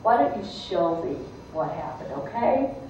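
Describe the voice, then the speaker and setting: A woman storyteller voicing a cunning male fox who drawls slowly and plays dumb. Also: big pitch swings, a little mellow, highs cut off, a little hiss or hum. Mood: playing dumb. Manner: low, drawling, feigned confusion. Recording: echoey room from far off.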